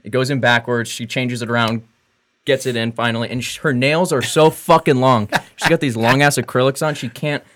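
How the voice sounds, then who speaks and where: A man on a casual podcast telling a wry, profane story in an even, mid-pitched voice. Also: fairly quick.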